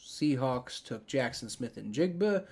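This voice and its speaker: Animated young man streaming, rambling. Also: medium pitch, unhurried. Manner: rambling, lots of restarts and swearing. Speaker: streamer reacting to a sports draft. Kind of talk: casual live-stream reaction.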